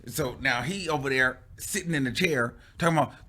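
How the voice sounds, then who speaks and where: A man on his channel telling a story time monologue casually, animated, dramatic and full of exclamations. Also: mid-range voice, normal speed, hardly any pauses. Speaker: YouTube storyteller.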